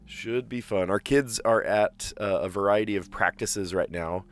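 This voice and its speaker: A man streaming a puzzle game, chatting casually and thinking aloud with fillers, clearing his throat now and then. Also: lowish voice, moderate pace. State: slight cough, clearing throat. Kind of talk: casual live-stream chat while solving puzzles.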